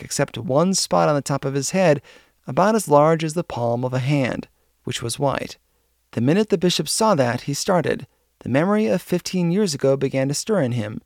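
A man reading a story aloud in a steady, measured narration. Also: on the high side, dry recording, clean studio sound.

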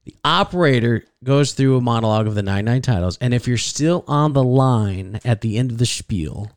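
A male podcast co-host from the Midwest tells a story at a loose, rambling pace, stumbling over his words when teased. His voice sits at an everyday middle pitch. The recording is close and dry with no room sound. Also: lively intonation, a little fast, clean tone, no room sound. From American Midwest. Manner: rambling storyteller, gets flustered. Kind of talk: casual chat.

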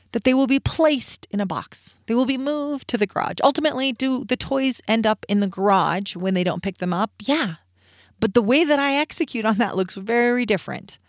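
A woman's voice: medium pitch, dry recording, clean studio sound. A woman in her thirties hosting a parenting podcast, talking candidly and conversationally and answering her own rhetorical questions. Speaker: podcast host.

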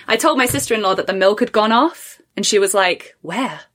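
A woman from England with an English accent, hosting a casual podcast interview, chatty and quick to laugh. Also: medium pitch, fairly bright tone. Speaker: podcast host.

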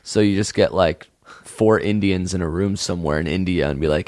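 A man's voice: deep voice, a little fast, darkish tone, dry recording, studio quality. A man co-hosting a casual comedy podcast, joking around and laughing often. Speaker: podcast co-host.

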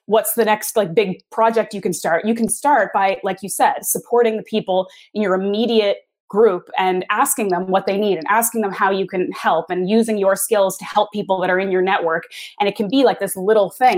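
Thoughtful, rambling woman co-host. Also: mid-range voice. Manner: thoughtful, rambling, with many fillers. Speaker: podcast co-host. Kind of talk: casual podcast chat.

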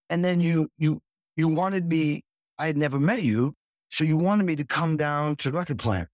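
A man hosting a casual chat, an animated storyteller who acts out quotes. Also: a little high, moderate pace, no room sound, clean studio sound. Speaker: podcast host, drummer.

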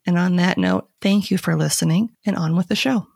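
A woman's voice: lowish voice, sing-song, fairly quick, vocal fry, darkish tone, husky. A woman hosting a podcast, chatting casually and upbeat with her co-host.

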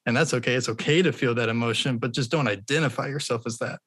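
A man's voice: medium pitch, fast talker, a bit bright. Friendly man giving practical tips. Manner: friendly, gives practical tips, slight stammer. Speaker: podcast guest. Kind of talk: casual podcast conversation.

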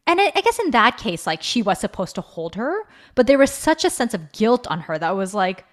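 A woman in her thirties co-hosting a podcast, telling a family story in a casual, animated way. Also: a little high, a little fast. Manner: animated storyteller, acts out quoted voices. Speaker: podcast co-host.

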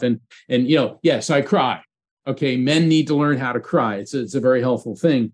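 A man's voice: medium pitch, fast, darkish tone. A man, a psychic medium being interviewed as a guest, telling a personal story in an earnest, heartfelt way.

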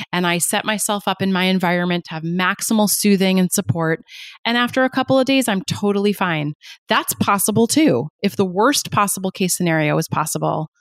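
A woman guest on a podcast, a pain psychologist explaining ideas in an energetic, emphatic way with lots of rhetorical questions. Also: on the low side, smooth, dry recording, clean studio sound.

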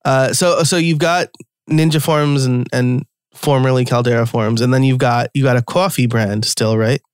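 A man's voice: medium pitch, steady tone, moderate pace, clear, resonant tone, no room sound, studio quality. A man from New York hosting a casual podcast interview, chatty and full of stories. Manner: chatty, storytelling, frequent fillers and laughs. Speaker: podcast host.

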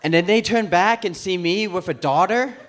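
A man's voice: high-pitched, normal speed, a bit bright, a faint crowd, slight background noise. A man doing stand-up comedy on stage, telling a story and acting out the other people's voices. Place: comedy club stage before a live audience.

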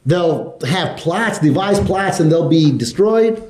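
A man with a fairly high, mellow voice teaches a Torah lesson, retelling a story with animation and throwing questions to his students. The recording sounds roomy, with echo off the walls of a classroom. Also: measured pace, hardly any pauses. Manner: animated, asks the class questions, mixes Hebrew and Yiddish terms.

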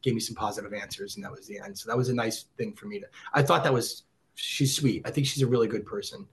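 A middle-aged man as a podcast guest, an excitable storyteller who acts out quotes in casual chat. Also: fairly low pitch, fast. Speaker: podcast guest, former celebrity reporter.

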